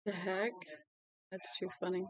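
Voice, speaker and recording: Her delivery is flat and measured as a woman chats at home before reading a novel aloud, rambling through small talk and talking to her dog in a high sing-song. There is no echo.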